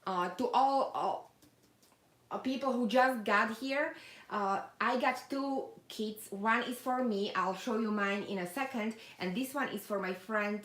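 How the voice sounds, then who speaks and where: Pitched fairly high with a fairly bright tone, this woman talks at a measured pace. A doll collector on a live stream, she unboxes casually in an echoey space, chatting, using lots of fillers, and voicing viewer comments.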